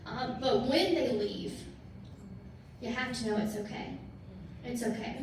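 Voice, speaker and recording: A woman gives a motivational talk to her team, pressing her points and repeating lines for emphasis. Her voice sits a little high and is picked up from a distance. The sound rings in a very echoey room with faint noise. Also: measured pace. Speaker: sales team partner speaking to her team. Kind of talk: motivational talk to a live audience.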